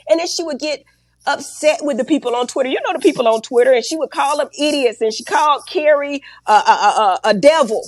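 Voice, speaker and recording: A woman in her forties, speaking as a guest in a candid interview, recounts a story with blunt, animated slang and profanity, emotional to the point of near tears. Her voice is high-pitched and brisk, and there's no echo.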